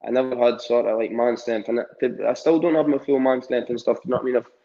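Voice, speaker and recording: Young Scottish male guest, casual, rambling, mid-pitched, muffled audio. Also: fairly even intonation, fast talker, dark tone. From Scotland. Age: young adult. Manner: rambling, many fillers and restarts. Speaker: amateur boxer, guest. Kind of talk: casual interview chat.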